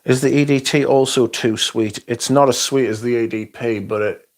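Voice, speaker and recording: A man's voice: mid-range voice, steady tone, normal speed. A sleepy man hosting a casual livestream, reading viewer comments aloud and answering them. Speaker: livestream host.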